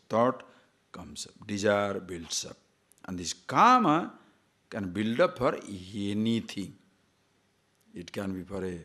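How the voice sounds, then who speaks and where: A man giving a spiritual discourse, telling jokes and short stories, repeating phrases and asking listeners questions. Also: lowish voice. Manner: lively, repetitive, jokes and chuckles, asks listeners questions. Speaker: spiritual teacher.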